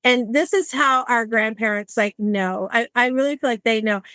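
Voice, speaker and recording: A woman in her sixties talks with a slightly high voice, recorded close and dry with no room sound. She hosts a podcast conversation, telling lively personal stories and slipping into the voices of the people she quotes. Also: normal speed, dry recording. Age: 60s. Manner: animated, acts out quoted voices. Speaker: podcast host. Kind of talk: conversational storytelling.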